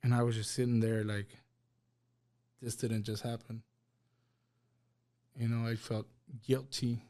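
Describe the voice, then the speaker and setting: Man with a flat, halting voice. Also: medium pitch. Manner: halting, repeats words, quotes others in plain voice. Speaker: guest sharing a personal testimony. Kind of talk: emotional personal storytelling. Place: podcast studio.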